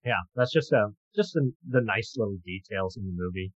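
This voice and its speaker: Young male co-host, thoughtful casual film chat, mid pitch, muffled lo-fi dry recording. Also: animated, fairly quick, slightly rough, no echo. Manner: earnest and thoughtful, many ums and restarts. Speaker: podcast co-host. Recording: dull, lo-fi dry sound.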